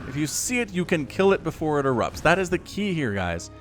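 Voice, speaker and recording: Lively, excitable male game caster. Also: a little fast, hardly any pauses. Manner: chatty and excitable, jumps to high-pitched exclamations. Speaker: esports caster. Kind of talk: solo play-by-play game commentary. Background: faint background music.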